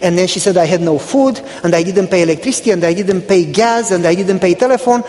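A man's voice: high voice, fast, dark tone, long reverb tail. A man from Romania preaching as a pastor, telling a personal story and acting out the dialogue with animation. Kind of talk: storytelling sermon.

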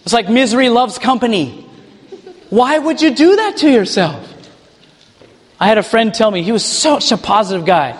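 A man preaching a sermon to his congregation, animated, now and then mocking people in put-on voices. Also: very high-pitched, moderate pace, pauses often. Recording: long hall reverb.

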